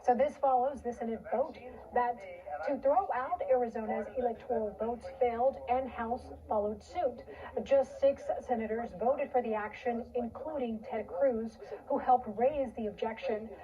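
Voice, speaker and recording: A woman reading the news as a TV anchor in a measured, formal way. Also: fairly high pitch, fairly even intonation, crowd noise. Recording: dull, distant TV audio.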